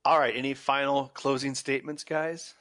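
Bright-voiced man hosting a podcast. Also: medium pitch, level tone, moderate pace, dry recording. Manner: jokey, steering the talk. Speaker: podcast host. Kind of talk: casual chat.

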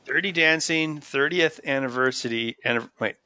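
A man chatting casually as a podcast co-host, quick and quippy, often asking questions. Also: mid-range voice, bright, forceful tone, smooth, no room sound. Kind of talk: casual chat.

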